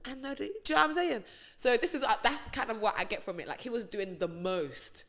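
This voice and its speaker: A young woman, a radio presenter chatting as a podcast guest and telling stories in an animated, slangy way. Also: a little high, fairly quick. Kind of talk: casual podcast chat.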